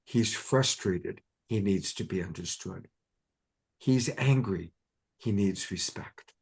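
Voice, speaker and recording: A woman hosting a spiritual conversation, telling an animated coaching story. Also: extremely low pitch, slow, breathy edge. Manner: animated storytelling, acting out a child's fear. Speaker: host.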